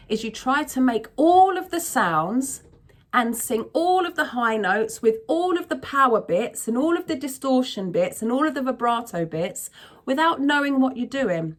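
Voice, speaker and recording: A woman vocal coach explaining singing technique in a frank, chatty tutorial manner. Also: on the high side. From not from America.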